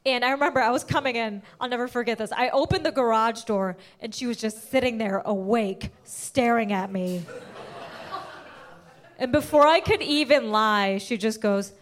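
A young woman doing a stand-up comedy set, telling a story with animated, excitable delivery and sudden high outbursts. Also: normal speed.

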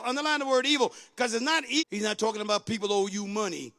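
High, bright-voiced preacher man. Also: lively intonation, a little fast. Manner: preaching with shouts and sudden drops to a low mutter. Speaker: pastor. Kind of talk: sermon.

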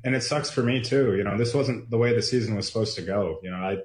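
A male athlete speaking in a press interview, halting with many restarts and fillers, sounding emotional. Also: on the low side, roomy sound.

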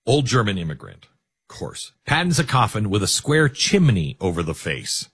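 Middle-aged male host, husky, swings his pitch around a lot, jokes as he tells a story. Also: moderate pace. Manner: animated, jokey asides. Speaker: radio talk show host. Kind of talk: storytelling monologue.

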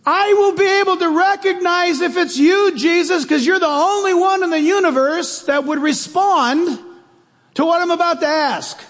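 A man voicing a big, burly, bumbling fisherman who speaks out boldly, loud and eager, with a raised pitch. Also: moderate pace, long reverb tail.

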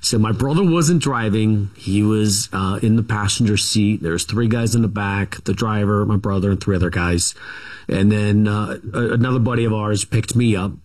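A middle-aged man speaks as a guest in a casual interview. His voice sits fairly low, and he tells his story in a rambling, halting way, circling back with asides. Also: a little mellow.

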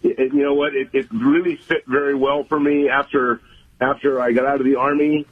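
An older man from the California Central Coast, a guest on a radio interview, talking in a halting, folksy way with many fillers. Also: medium pitch, flat delivery, slightly rough. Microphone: phone. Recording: tinny phone line.

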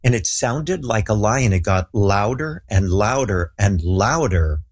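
Husky man telling a lively story. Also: fairly low pitch, measured pace. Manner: animated storyteller acting out quoted voices. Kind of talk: casual storytelling interview.

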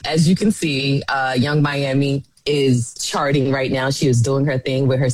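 A woman with a New Jersey accent, an entertainment correspondent chatting as a radio guest, gossipy and quick to laugh. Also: a bass voice, fairly even intonation, no room sound. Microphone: studio microphone.

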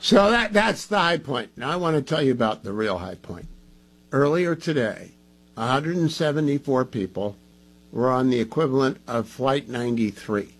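A man's voice: mid-range voice, breathy edge, rough recording. A man hosting a talk radio show, delivering an opinionated, emphatic monologue in a conversational way, groggy from medication.

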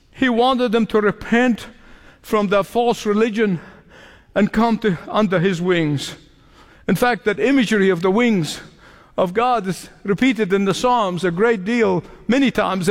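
High-voiced man preaching in a reverberant hall. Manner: preaching, emphatic repetitions, dramatic pauses. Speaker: pastor. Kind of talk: sermon. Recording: long reverb of a large hall.

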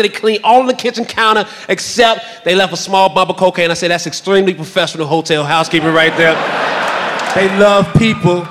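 A man's voice: high voice, a bit bright. A man doing a stand-up set, telling brash, boastful stories. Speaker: stand-up comedian.

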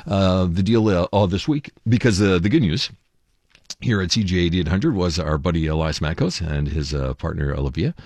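A man's voice: low-pitched, fairly quick, dry recording. A man hosting a morning radio show in casual chat, talking with many fillers. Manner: chatty, lively, many fillers. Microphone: studio microphone.

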